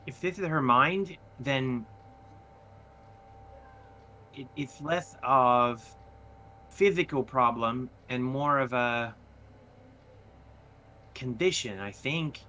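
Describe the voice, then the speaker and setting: A man's voice: mid-range voice, slow pace, pauses often, pushed and bright, slight background noise, low-quality recording. A man with an Australian accent playing a tabletop game, thoughtful and reasoning aloud. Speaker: player. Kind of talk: casual tabletop play.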